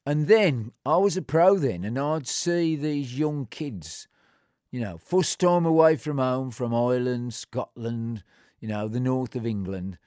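An older man tells his own story in a blunt, plain-spoken, colloquial manner. He acts out the old exchanges by raising and dropping his voice. His voice sits at a middling pitch, and the sound is close and dry. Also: expressive, measured pace, no echo. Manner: acts out remembered exchanges with shifting pitch and loudness. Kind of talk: recounting a personal story.

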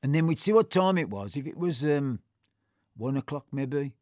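A man's voice: medium pitch, expressive, normal speed, a little mellow, no room sound, clean studio sound. An older man with a Black Country accent, casually reminiscing about his childhood in a rambling way with many fillers and restarts. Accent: Black Country English. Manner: rambling, full of fillers and self-corrections; acts out other people's voices in anecdotes. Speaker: storyteller.

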